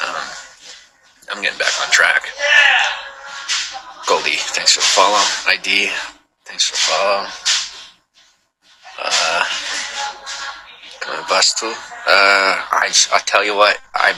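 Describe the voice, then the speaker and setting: A man's voice: sits low, low-quality recording. A man hosting a livestream, chatting casually with viewers and rambling with joking asides. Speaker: livestream host.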